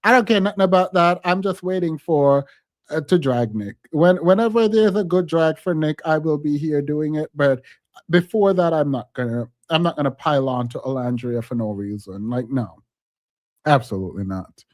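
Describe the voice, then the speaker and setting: A man's voice: on the high side, moderate pace, darkish tone, no echo, clean studio sound. A man hosting a live stream, chatting casually and laughing often between his points. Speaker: streamer and commentator.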